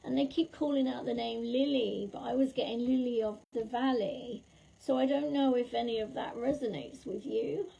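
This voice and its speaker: A woman, a psychic medium, chatting warmly with viewers during a livestream reading while her throat is sore and scratchy. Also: fairly high pitch, normal speed, gravelly, breathy edge, dull audio. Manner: chatty and affectionate, calls viewers lovely and darling. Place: at home.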